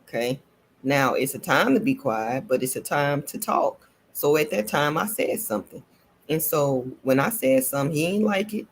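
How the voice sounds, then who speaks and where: A woman vlogger telling a personal story in a casual, animated way, repeating herself and laughing between lines. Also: deep voice, a little hiss or hum.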